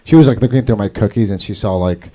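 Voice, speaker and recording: A man's voice: lowish voice, quick pace, warm tone, slight background noise. A man doing open mic stand-up, rambling and profane, laughing at his own jokes. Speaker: stand-up comedian. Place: comedy club stage.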